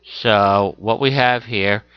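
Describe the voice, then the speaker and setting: Low-voiced man narrating a software tutorial. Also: steady tone, takes it slowly, clean tone, no room sound, lo-fi sound. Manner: talks through each click as he goes, with fillers and self-corrections. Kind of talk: screen-recorded software tutorial.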